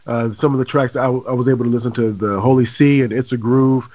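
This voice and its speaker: A man hosting a radio interview show, talking in a quick, upbeat way and repeating catchphrases. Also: medium pitch, fairly even intonation, no echo, highs cut off.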